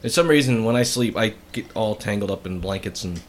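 Middle-aged man, casual chat, animated storytelling, faint background hiss. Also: fairly low pitch, a little fast. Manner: animated storyteller, acts out shouting quotes.

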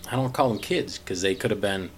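A middle-aged man in casual conversation, telling anecdotes in a halting, rambling way. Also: on the low side, a little hiss or hum. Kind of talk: casual chat.

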